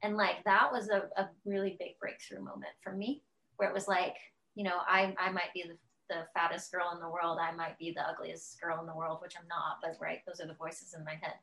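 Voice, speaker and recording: A woman's voice: fairly low pitch, brisk, vocal fry, poor audio. A woman guest on a podcast, speaking openly and with animation, often acting out the harsh voices in her head. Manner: open, animated, acts out her inner voices. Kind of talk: candid conversational interview.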